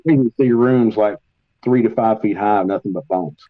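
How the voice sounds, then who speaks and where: A man telling travel stories as a guest paranormal investigator, rambling and animated, with many fillers. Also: lowish voice, normal speed, no room sound, narrow, tinny audio. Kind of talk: casual storytelling in a podcast interview.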